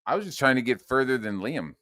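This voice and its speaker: A man's voice: mid-range voice, expressive, fast, pushed and bright. Man ranting profanely, mocking and heated. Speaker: streamer. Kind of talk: profane rant.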